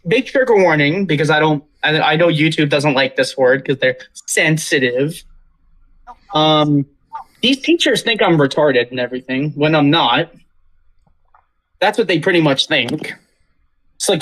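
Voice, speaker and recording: A man's voice: a little high, a bit bright, poor audio. A young man telling a school story on a casual podcast, ranting and swearing, then apologizing. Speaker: podcast host.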